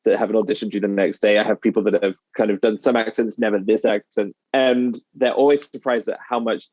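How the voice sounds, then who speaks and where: A man's voice: lowish voice, fairly even intonation, brisk, darkish tone, no room sound. A British man, a dialect coach, explaining his work in conversation and acting out quoted phrases. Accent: British English. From United Kingdom. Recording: slightly dull lo-fi sound.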